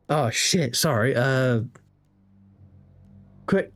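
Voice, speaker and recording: A man's voice: mid-range voice, big pitch swings, takes it slowly, long pauses, faint music behind. Self-deprecating man streaming a game. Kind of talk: casual gameplay commentary.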